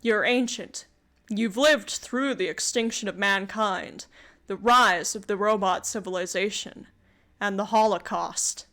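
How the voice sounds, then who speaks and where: A woman's voice: medium pitch, unhurried, fairly bright tone, close to an everyday voice. A Canadian woman reading aloud the lines of an ancient time-bending creator being in a text adventure, in a plain, expository manner. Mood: explaining.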